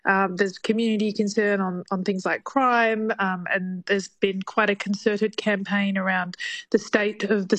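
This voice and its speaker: A woman's voice: medium pitch, dry recording. A woman, a political correspondent, giving thoughtful analysis in a radio interview with fillers.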